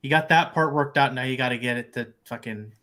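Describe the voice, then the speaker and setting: A man's voice: mid-range voice, fairly quick, bright, forceful tone. A man chatting casually on a stream, swearing now and then.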